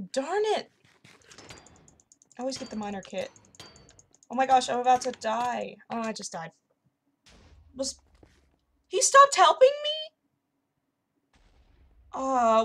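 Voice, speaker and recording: A young woman chatting casually and excitedly while playing a video game. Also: fairly high pitch. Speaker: gaming YouTuber. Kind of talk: casual commentary over gameplay.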